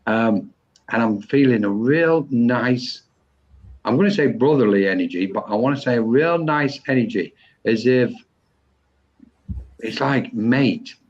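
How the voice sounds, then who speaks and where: A man hosts a live online session giving a psychic mediumship reading, pausing often and restarting as he searches for words. His voice is medium-pitched, and the stream sounds dull and lo-fi.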